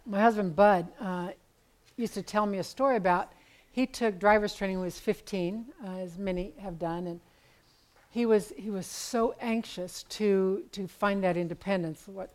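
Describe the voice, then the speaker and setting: A woman's voice: mid-range voice, rough recording. Woman, 70s, Bible study teacher; candid, conversational storyteller with dry self-deprecating humor.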